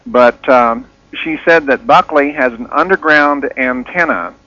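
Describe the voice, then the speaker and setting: A man's voice: medium pitch, a little slow, pushed and bright. A man calling in to a radio talk show, talking hesitantly with frequent fillers. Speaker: caller. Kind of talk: call-in radio chat. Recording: dull lo-fi radio call.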